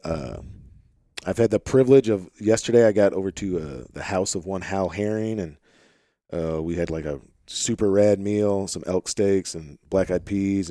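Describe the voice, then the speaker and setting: A man hosting a podcast with an Arkansas-tinged Midwestern accent, chatting in a relaxed, rambling way full of fillers, recorded in a home office. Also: low-pitched, no echo, clean studio sound. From St. Louis, Missouri. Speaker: podcast host. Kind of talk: casual conversation.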